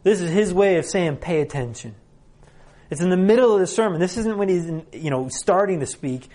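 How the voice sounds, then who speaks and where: A man's voice: high voice, brisk, warm tone. Male conference preacher, chatty and wry, asks the room questions. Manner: conversational preaching with humor and rhetorical questions. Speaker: conference speaker. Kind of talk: sermon. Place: conference hall.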